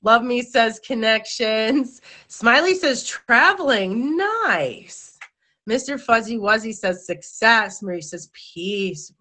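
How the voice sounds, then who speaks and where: Bright-voiced chatty woman hosting a live stream. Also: fairly high pitch, big pitch swings, slow. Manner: chatty, giggly, stumbles over words. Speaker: host. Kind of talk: live-stream talk show, reading viewer comments.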